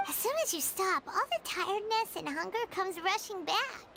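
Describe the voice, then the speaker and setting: A woman voicing a tiny, nosy, excitable girlish companion in video game dialogue, with a squeaky, childlike voice. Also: normal speed, vocal fry, over a noisy crowd. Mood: chatty.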